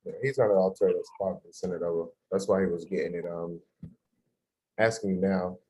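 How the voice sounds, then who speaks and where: A man's voice: low-pitched, steady tone, fairly quick, a little mellow, poor audio. A male fitness coach on a video call, speaking in a blunt, playful and pushy but friendly way.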